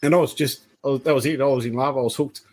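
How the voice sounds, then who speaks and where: A man's voice: medium pitch, fairly even intonation, rapid-fire, a little mellow. A man in his fifties with an Australian accent, a podcast guest rambling through long anecdotes. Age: 50s. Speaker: guest, python breeder. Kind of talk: casual podcast chat.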